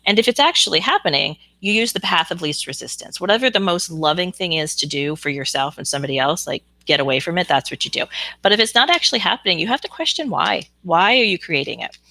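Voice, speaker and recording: Bright, frank woman chatting to viewers. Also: fairly low pitch, lively intonation, fast talker, gravelly, no room sound. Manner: chatty and frank, answering viewer comments with frequent ums. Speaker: psychic reader hosting a live stream. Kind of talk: casual live stream chat with viewers.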